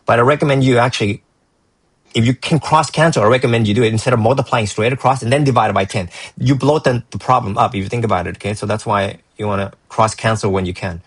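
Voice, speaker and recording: Husky-voiced man tutoring math. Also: medium pitch, fast, no room sound, low-quality recording. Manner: encouraging, rambling with frequent restarts. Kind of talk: reviewing a student's work.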